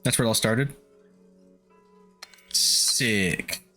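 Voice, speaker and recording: A man's voice: on the low side, drawn-out words, bright, forceful tone, soft background music. A young man streaming a game, chatting casually with viewers, laid-back, swearing and laughing often. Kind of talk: casual gameplay chat with viewers.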